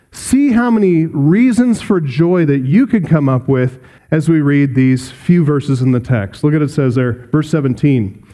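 A man's voice: fairly high pitch, warm tone. A man preaching a sermon in earnest, building points through emphatic repetition and reading scripture aloud. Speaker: pastor.

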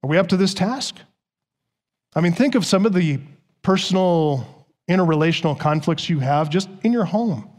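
A pastor delivering a sermon to his congregation. The man's voice sits high for a man, and he leans hard on key words, repeating them for stress. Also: animated, normal speed, a little mellow.

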